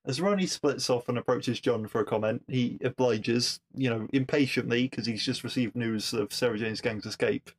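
A man's voice: mid-range voice, normal speed, hardly any pauses, slight background noise. Chatty man recapping an episode. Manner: chatty, amused, with frequent restarts. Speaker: podcast reviewer.

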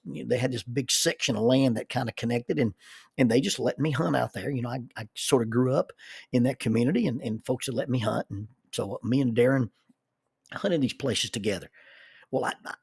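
Middle-aged man, folksy storyteller, gravelly and a bit husky, dry close sound. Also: medium pitch, no echo. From southern United States. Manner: folksy, repeats words when starting sentences. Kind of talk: personal storytelling.

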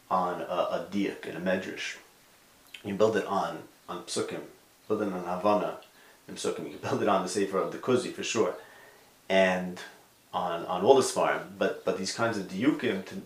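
On a podcast, a man with a lowish voice gives a conversational Torah lecture, mixing in Hebrew and Yiddish terms. He is emphatic, swinging between loudly stressed words and quiet asides. The room sounds echoey.

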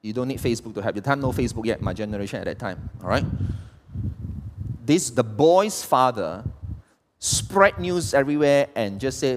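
A man's voice: medium pitch, expressive, moderate pace, slight background noise. A man, preaching a sermon as pastor and throwing rhetorical questions at the congregation. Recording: long hall reverb.

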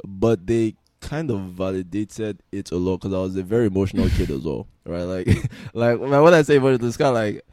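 A man's voice: sits low, brisk, hardly any pauses, no room sound, studio quality. A man from Nigeria hosting a casual podcast chat, telling stories with lots of laughter. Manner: laughing, animated storytelling. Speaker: podcast host.

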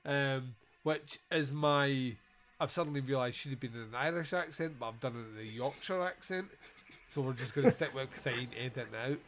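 A man's voice: mid-range voice, a little fast, a bit bright. A man hosting a podcast, giving a sweary, jokey movie review and laughing at his own lines. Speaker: podcast host. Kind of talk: casual comedic movie review.

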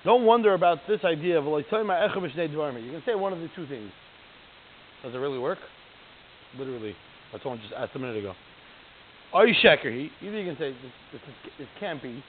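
A man with a high-pitched voice leads a text study class. He reads Hebrew lines aloud and unpacks each one in plain, chatty talk, often stopping to ask the class questions. The audio is thin and phone-like, with a faint hiss underneath. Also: expressive, fast. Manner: reads Hebrew lines aloud, then translates and explains them; conversational, asks the class rhetorical questions. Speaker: Torah teacher.

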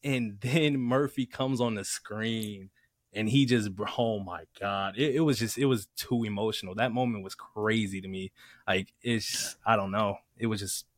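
Excitable man rambling on a podcast. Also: lowish voice, measured pace, no room sound, clean studio sound. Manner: rambling, excitable, filler-heavy. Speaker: podcast co-host. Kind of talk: casual chat.

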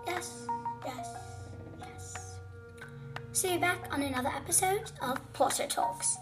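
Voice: high voice, slow. A child playing a boastful, scatterbrained female witch villain in a fan role-play video, with music behind. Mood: gleeful. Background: background music.

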